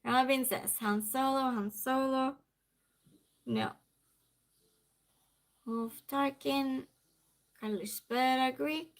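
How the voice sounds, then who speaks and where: A woman's voice: sits high, fairly even intonation, takes it slowly, long pauses. A woman hosting a trivia live stream in a casual chat style, reading viewer comments aloud and greeting viewers by name. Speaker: trivia night stream host.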